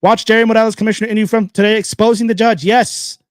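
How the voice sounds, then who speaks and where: A man hosting a casual solo podcast, talking bluntly and rambling with repeated phrases between sponsor shout-outs. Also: high voice, little pitch movement, very fast, no room sound, studio quality. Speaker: podcast host.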